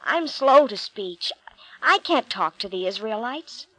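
A woman's voice: on the high side, lively intonation, unhurried, fairly bright tone, dry recording, poor audio. Moses, a woman doing an earnest pleading shepherd. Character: anxious, humble adult male shepherd Moses.

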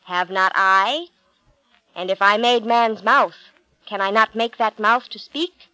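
A woman voicing God as a mighty, solemn male figure in a storybook reading, speaking slowly and with command. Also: medium pitch, pushed and bright, no room sound, rough recording.

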